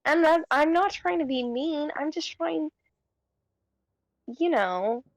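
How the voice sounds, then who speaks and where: A woman's voice: sits high, expressive, slow pace, no echo. A young woman playing a tabletop game, chatting in a rambling way full of fillers. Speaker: player. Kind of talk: casual tabletop role-play.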